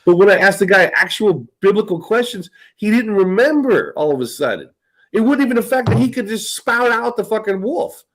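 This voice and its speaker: A podcast host from the United States keeps things loose and profane, wandering off on tangents and laughing frequently. His high-pitched voice has lively intonation and a brisk pace, captured on a low-quality recording.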